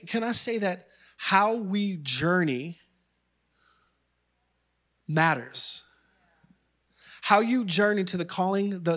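Bright, high-voiced preacher man. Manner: animated storytelling with playful asides. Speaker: pastor. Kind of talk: sermon.

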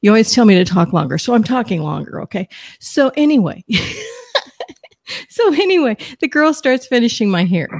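Excitable middle-aged woman telling a story. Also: fairly high pitch, moderate pace, no room sound, studio quality. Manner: animated, excitable, rambling with restarts. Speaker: guest psychic medium. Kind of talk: casual storytelling on a talk show.

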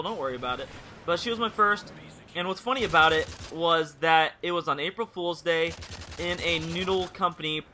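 A man's voice: a little high, pushed and bright, slight background noise. A young man casually telling a rambling personal story over gameplay commentary, candid and swearing freely. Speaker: gaming channel host.

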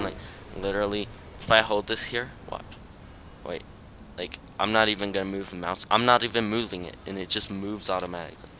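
A young man commenting on his own gameplay, pleading with himself and muttering, with sudden high yelps when things go wrong. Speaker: gaming channel host. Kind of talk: let's-play commentary. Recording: loud background noise.

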